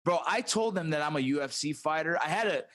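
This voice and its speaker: A man's voice: on the high side, animated, fast talker, a bit bright. A man hosting a casual chat, talking loosely and swearing, often saying bro and dude. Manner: loose, profane, calls people bro and dude. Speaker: host.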